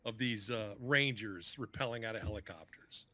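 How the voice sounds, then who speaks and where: A man's voice: fairly low pitch, normal speed, bright, forceful tone, no room sound. A man, a podcast guest, telling stories in a casual chat, swearing freely and acting out what other people said. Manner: profane, acts out other people's lines.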